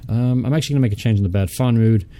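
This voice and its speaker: A man's voice: medium pitch, very fast, dark tone. A young man hosting a casual let's-play, chatty, thinking aloud as he goes, muttering and swearing offhandedly. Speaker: gaming channel host.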